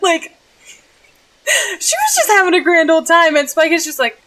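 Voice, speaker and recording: A woman's voice: very high voice, sing-song, unhurried, pushed and bright, rough recording. A young woman streamer telling a story in a casual vlog, bubbly and giggly, with many "like" fillers. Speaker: streamer recapping a role-play game.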